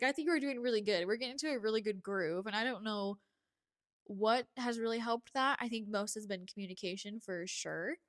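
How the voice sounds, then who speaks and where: A young woman hosting a podcast, chatting casually and confidingly, with frequent laughs and breathy sighs. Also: mid-range voice. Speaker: podcast host. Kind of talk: casual chat.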